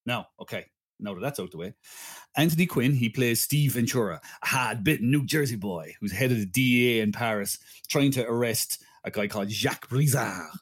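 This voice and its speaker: A man's voice: medium pitch, lively intonation, fairly quick, slightly rough. A man co-hosting a podcast, rambling through a plot summary with frequent laughs and restarts. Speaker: podcast co-host. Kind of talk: casual chat.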